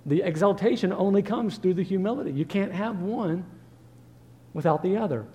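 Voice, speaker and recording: A man's voice: sits high, normal speed, dark tone, in a large hall, muffled recording. A man preaching a sermon as pastor, earnest and full of rhetorical questions.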